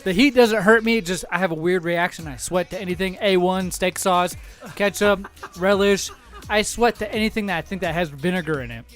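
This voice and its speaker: A man co-hosting a podcast in casual chat, loud and joking with crude banter while sweating from spicy snacks. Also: high voice, normal speed, faint music behind. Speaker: podcast co-host.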